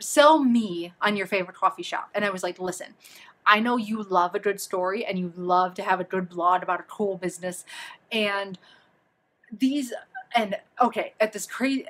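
Young woman, chatty vlog advice, animated and rambling, mid-range voice. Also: mid-range voice. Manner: chatty and animated, many fillers and asides. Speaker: freelance copywriter giving advice. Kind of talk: casual talking-head advice.

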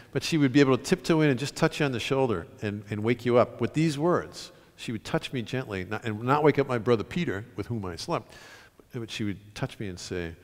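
A man with a middle-pitched voice gives a storytelling talk to a live audience. He is animated, breaking into sudden loud bursts. His voice rings out with a long reverb in a large concert hall. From United States. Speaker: author giving a reading.

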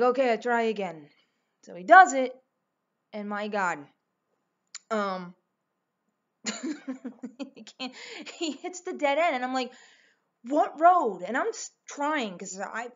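A young woman telling a story casually as a vlogger, rambling and emphatic, swearing often and acting out what people said. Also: medium pitch. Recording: slightly dull lo-fi recording.

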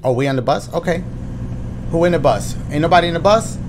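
A man casually commenting on his gameplay, cracking jokes, swearing freely and reacting loudly to scares. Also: fairly high pitch, lively intonation, fast, a little hiss or hum. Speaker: gaming YouTuber.

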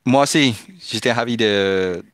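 A man's voice: medium pitch, moderate pace, a bit bright, no echo, studio quality. A man chatting casually with viewers during a live game stream, hesitant and full of restarts. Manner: hesitant, restarts often, switches between French and English.

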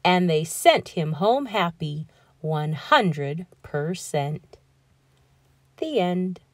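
A woman reading a children's rhyming storybook aloud in a lively, expressive, rhythmic way. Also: on the low side, drawn-out words, dry recording. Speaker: children's book reader.

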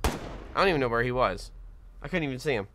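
A man giving casual gameplay commentary as a gaming video host, excitable and swearing often, with frequent laughs. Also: mid-range voice, fast talker, background noise. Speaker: gaming YouTuber. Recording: game gunfire behind voice. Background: game gunfire and explosions.

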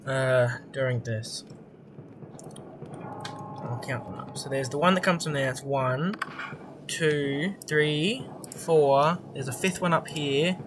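A young adult gamer giving casual, excitable commentary over a horror game, swearing often and reacting loudly to surprises. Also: mid-range voice, slow pace, pauses often, noisy background.

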